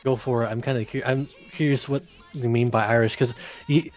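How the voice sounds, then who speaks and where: A man chatting casually with friends, blunt and animated, swearing freely. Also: mid-range voice, fairly quick, soft background music. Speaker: chat participant. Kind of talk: casual chat.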